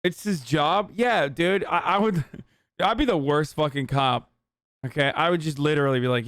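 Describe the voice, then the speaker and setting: A man's voice: fairly high pitch, normal speed, a bit bright, no room sound. A young man streaming a casual reaction, swearing a lot and mocking what he watches in disbelief. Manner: profane, mocking, incredulous.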